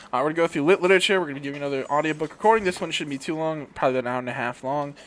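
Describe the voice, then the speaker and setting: A man's voice: fairly high pitch, racing, fairly bright tone. A man co-hosting a podcast in a casual, rambling chat, often laughing and restarting his sentences with fillers. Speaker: podcast co-host.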